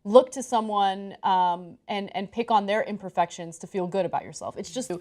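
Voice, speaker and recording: A woman's voice: mid-range voice, normal speed. A woman giving earnest opinion commentary, explaining her point. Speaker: show commentator. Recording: loud crowd and noise behind.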